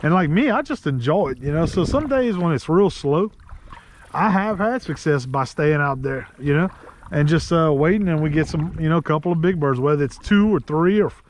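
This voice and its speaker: A man with a Louisiana accent hosting a casual outdoor vlog from a kayak in the marsh, chatty and quick to laugh. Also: on the high side, expressive, slight background noise. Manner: chatty, laughs easily, rambling asides. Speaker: host.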